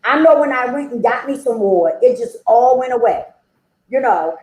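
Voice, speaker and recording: A woman sits at a meeting and tells her recovery story in a chatty, animated way, with her voice rising and falling widely. She acts out the lines she quotes and keeps checking in with "okay?" and "you know?" The sound is roomy and echoey, with a faint hiss underneath. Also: a little high, normal speed. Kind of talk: personal recovery testimony.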